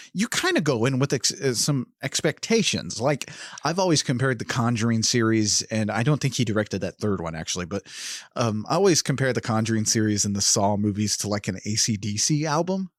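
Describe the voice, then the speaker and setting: A man's voice: medium pitch, no echo, clean studio sound. A man co-hosting a horror movie podcast, chatting casually, rambling and swearing, laughing often. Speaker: podcast co-host. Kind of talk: casual chat.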